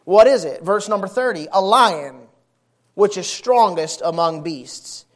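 A middle-aged man preaching a sermon, telling stories in a lively, folksy way and hammering points home with repetition. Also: sits high, measured pace. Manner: animated, folksy storytelling with emphatic repetition.

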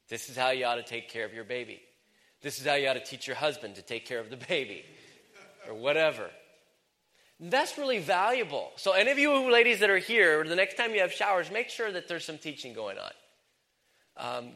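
A male preacher with a bright, forceful tone delivers a lively sermon. He jokes with the congregation and swings his pitch and loudness widely for emphasis. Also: long reverb tail. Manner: animated and joking, with wide swings in pitch and loudness.

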